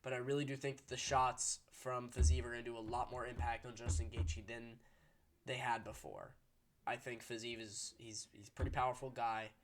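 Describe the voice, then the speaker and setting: A man's voice: medium pitch, flat delivery, moderate pace, background noise. A man hosting his own fight-prediction channel, talking casually and with strong opinions, swearing and restarting sentences as he gets fired up. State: hiccuping. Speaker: MMA prediction channel host. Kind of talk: casual solo commentary.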